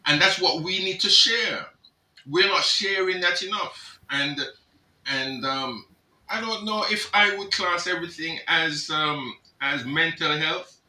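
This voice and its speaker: Middle-aged man, reflective, halting, very bright voice, roomy echo, far from the mic. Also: on the high side. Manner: reflective, halting, with restarts and a chuckle. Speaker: reverend panellist. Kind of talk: panel discussion.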